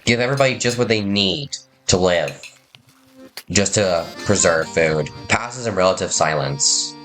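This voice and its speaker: Over soft background music, a man with a low, expressive, fairly bright voice plays a story game at a measured pace. He reads its text aloud and comments in a rambling, self-deprecating manner, let's-play style.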